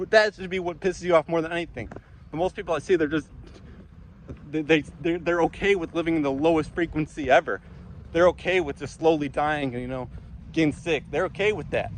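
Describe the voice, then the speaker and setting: A man's voice: fairly high pitch, slight background noise, poor audio. A man delivering an impassioned, profane monologue outdoors among trees, repeating himself as he rants. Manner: intense, profane, repetitive ranting. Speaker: vlogger.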